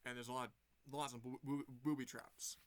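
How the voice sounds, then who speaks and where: A man's voice: mid-range voice, fairly even intonation, normal speed, no echo. A man casually retelling a movie plot for a review vlog, rambling with lots of fillers and restarts.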